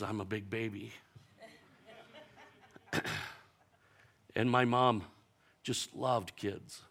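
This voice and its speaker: A male pastor with a bright, forceful voice preaches with slow, emphatic repetition. He tells stories in an animated way, and his pitch and volume jump sharply when he acts out other people's lines. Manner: animated storytelling, acting out quoted voices with big jumps in pitch and loudness. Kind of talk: sermon.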